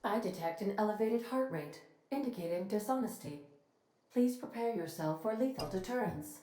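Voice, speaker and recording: A woman voicing a polite, literal-minded female ship computer in a video game, speaking in a formal, precise, evenly measured way. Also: mid-range voice, animated, mellow, close to an everyday voice. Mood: formal warning. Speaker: ship's AI. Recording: echoey game audio with faint music.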